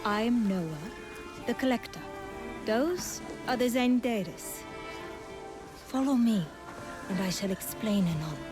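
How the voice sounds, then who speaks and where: A woman's voice: a little high, expressive, takes it slowly, long pauses. An actress voicing a solemn young witch in a game, speaking formal, archaic lines with a hard-to-place foreign accent. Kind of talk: game character dialogue. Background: game music.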